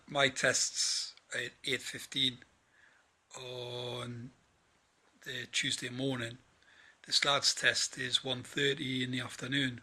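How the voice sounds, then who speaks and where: A tired man in his forties talks in a chatty, rambling way. His voice is husky and strikingly bright, and he keeps quoting what others said to him. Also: mid-range voice. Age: 40s. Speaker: vlogger. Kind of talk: casual spoken diary.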